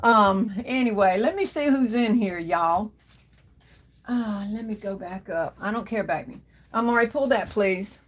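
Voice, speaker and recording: A woman's voice: medium pitch, unhurried. A woman hosting a casual livestream, greeting viewers one by one and calling them baby and darling. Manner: warm Southern endearments, calls viewers baby and darling. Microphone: phone.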